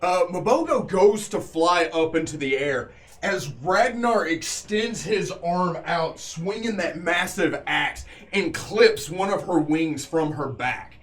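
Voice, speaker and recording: Lively, unhurried man running a game. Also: on the high side. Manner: vivid, unhurried scene narration with filler pauses. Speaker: game master. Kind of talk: narrating a tabletop game.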